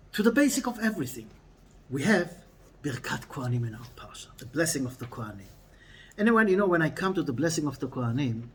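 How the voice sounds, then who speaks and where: A man giving a weekly Torah lesson in a lively, laughing way, often repeating phrases as he explains. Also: medium pitch, slight background noise. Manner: animated, laughing, mixing in Hebrew quotes. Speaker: Torah teacher.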